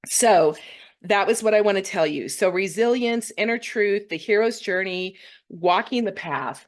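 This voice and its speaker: A woman's voice: mid-range voice, a little slow. A woman hosting her own reading show, earnestly recounting a meditation vision to her viewers in a meandering, heartfelt way, often checking in with "okay?" and "right?". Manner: heartfelt, openly moved. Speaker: intuitive reader hosting a weekly show.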